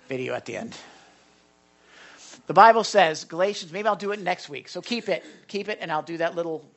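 A pastor preaching a sermon, emphatic, often urging the listeners to listen and reading scripture aloud. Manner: rises and falls sharply in pitch and loudness.

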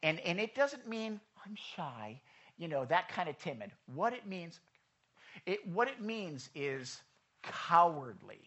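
A pastor delivers a sermon to a church congregation in an animated, chatty way. The voice sits at a middle pitch. It acts out the people in the stories and keeps checking in with the room. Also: slow pace, husky, dull audio. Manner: chatty, asks the room questions.

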